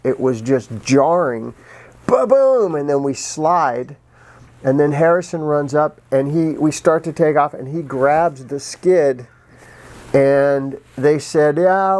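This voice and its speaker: Middle-aged male actor, casual anecdote teller, restarts a lot, bursts into sound effects. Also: a little high. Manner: animated, acts out sounds with vocal effects; frequent restarts and pauses, laughs while telling. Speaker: actor telling behind-the-scenes stories.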